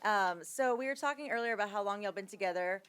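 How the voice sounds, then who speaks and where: A woman's voice: mid-range voice, fast talker, fairly bright tone. A woman hosting a casual radio interview in a studio, easing into questions with friendly lead-ins. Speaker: radio host.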